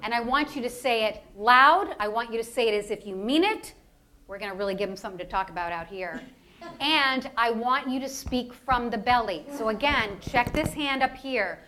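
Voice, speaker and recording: High-voiced woman coaching a breathing workshop. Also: normal speed, pushed and bright, a little hiss or hum. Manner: coaching, encouraging, playful. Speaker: public speaking instructor. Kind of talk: live voice workshop with audience exercises. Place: lecture hall with audience.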